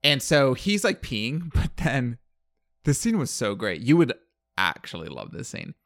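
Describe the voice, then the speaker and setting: A man's voice: medium pitch, wildly swooping pitch, a little slow, vocal fry, fairly bright tone, no room sound, clean studio sound. A man telling a movie plot in casual chat, rambling with lots of fillers and acted-out quotes. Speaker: podcast co-host.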